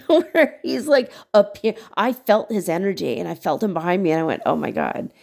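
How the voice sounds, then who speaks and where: Gravelly-voiced woman telling a rambling story. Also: medium pitch, unhurried. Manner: rambling, animated, laughs often, swears casually. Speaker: spiritual podcast host. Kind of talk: casual storytelling monologue. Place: small studio apartment.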